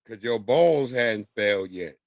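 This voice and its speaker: A man's voice: lowish voice, animated, unhurried, no room sound. Loose-talking, profane man streaming. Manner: loose, profane street talk with slang. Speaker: livestream host. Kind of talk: casual livestream talk.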